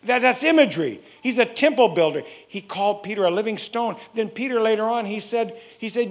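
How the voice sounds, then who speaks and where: A man preaching a sermon in an earnest way, repeating phrases and slowing down to stress key words. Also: high voice, expressive.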